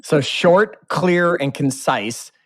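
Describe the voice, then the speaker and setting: A man's voice: fairly high pitch, takes it slowly, a bit bright, no echo, studio quality. A man hosting a podcast interview, speaking with enthusiasm and turning to address the listeners directly. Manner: enthusiastic, talks straight to listeners. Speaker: podcast host. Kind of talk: conversational interview.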